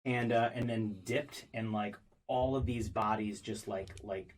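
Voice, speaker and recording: A man's voice: fairly low pitch, steady tone, measured pace, a little hiss or hum, low-quality recording. A man running a tabletop game as game master, describing scenes in a rambling way with many fillers and restarts.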